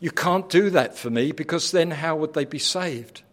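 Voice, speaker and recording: A man in anguish cries out to his father in a high, earnest voice, fervent and pleading, with a preacher putting him on. The plea rises and falls in intensity. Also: normal speed, close to an everyday voice.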